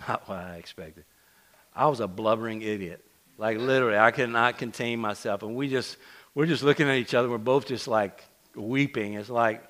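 In a church sanctuary, a middle-aged male pastor talks to his congregation in a relaxed, conversational sermon full of restarts and jokes at his own expense. He speaks in a mid-range voice with a fairly bright quality.

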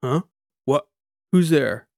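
A man voicing an easygoing male cyborg mechanic who jokes, speaking a little louder than his narration. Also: on the high side, animated, takes it slowly, vocal fry, no echo, clean studio sound, voice pushed up, heavily acted. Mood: startled. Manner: easygoing, joking.

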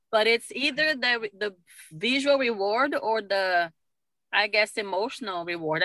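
A middle-aged woman, a mother, telling stories in a casual conversation, animated and laughing often. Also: mid-range voice, no echo. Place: lives in Utah.

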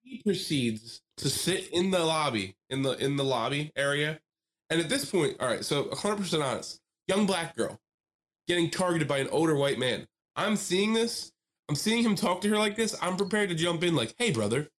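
A young man in casual podcast chat, telling stories with lots of energy. He swears freely, and his voice climbs high when he acts out the people he quotes. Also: big pitch swings, moderate pace, a bit bright. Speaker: podcast co-host.

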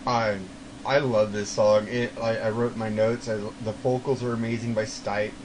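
A man's voice: on the low side, little pitch movement, normal speed, background noise. A man co-hosting a casual album review chat, enthusiastic and swearing, reciting lyrics aloud. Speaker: podcast co-host reviewing an album.

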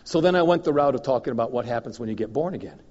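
A male guest minister tells stories from the pulpit, lively and chuckling, breaking into little sound effects. His voice comes through a dull, muffled recording with a long church-hall echo. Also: medium pitch, rapid-fire. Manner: animated storyteller, chuckles, mouth sound effects. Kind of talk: sermon with personal storytelling.

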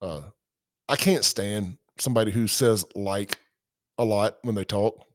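A man's voice: on the low side, measured pace, dry recording. Man, podcast host, casual livestream talk, dry close sound. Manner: casual, conversational, reads comments and quotes aloud. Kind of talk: livestream commentary.

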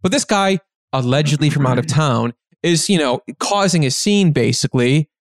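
A man's voice: a little high, normal speed, no room sound, studio quality. Rambling man telling a story on a podcast. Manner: rambling, filler-heavy, animated retelling. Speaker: podcast guest. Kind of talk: casual storytelling.

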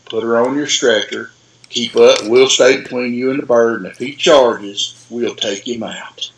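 A country sheriff's sergeant , as a storyteller puts him on, gives steady, matter-of-fact instructions. His voice is gravelly and unhurried. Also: mid-range voice, slight background noise, close to an everyday voice, rough recording. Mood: calm.

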